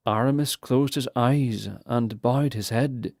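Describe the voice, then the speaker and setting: A man reading fantasy narration for an audiobook in a measured, unhurried way. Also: medium pitch, a little mellow, no echo, clean studio sound.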